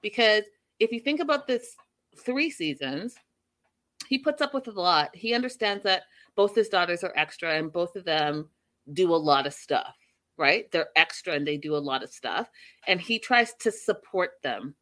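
A woman casually recapping a reality show, telling the story in an animated, opinionated way. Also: on the low side, moderate pace.

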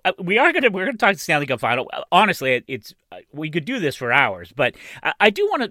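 Male interview host, bright, animated delivery, dry studio sound. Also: mid-range voice, dry recording. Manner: enthusiastic, long winding questions. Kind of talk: interview questions.

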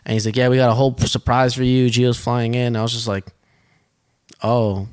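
A young man co-hosting a podcast, telling a personal story in a rambling, animated way. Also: mid-range voice, fairly quick, clear, resonant tone. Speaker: podcast co-host. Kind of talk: casual storytelling.

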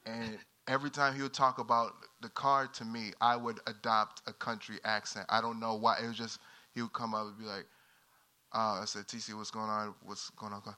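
Bright-voiced man, hesitant storyteller. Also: fairly low pitch, flat delivery, moderate pace, poor audio. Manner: hesitant, self-deprecating, trailing off. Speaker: audience member. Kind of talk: casual storytelling on stage.

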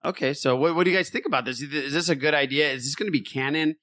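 A man's voice: fairly high pitch, rapid-fire, sharp tone, no echo. A man hosting a podcast, chatting casually, laughing a lot and swearing. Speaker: podcast host. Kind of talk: casual chat.

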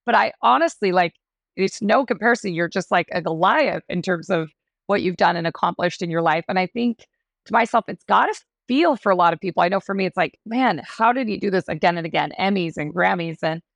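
A woman hosts an interview podcast, gushing with praise and asking long, winding questions. Her voice has a gravelly fry, and the recording is dry and close. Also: fairly low pitch, fairly quick, dry recording. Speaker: podcast host.

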